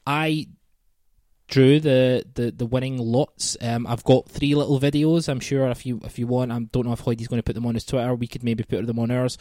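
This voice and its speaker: A man's voice: mid-range voice, steady tone, moderate pace, warm tone, dry recording. Male podcast host, chatty and self-deprecating, dry close sound. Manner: chatty, self-deprecating, many ums and restarts. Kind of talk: casual podcast chat.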